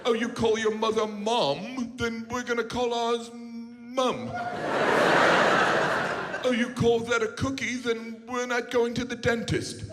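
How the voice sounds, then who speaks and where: Sketch voice: a man mocking a haughty British snob, raised pitch, lively lilt. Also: very slow, long pauses, heavy background noise. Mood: smug. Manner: haughty, prissy, contrary mock voice. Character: snooty stuck-up British person, adult. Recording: reverberant theater with crowd laughter.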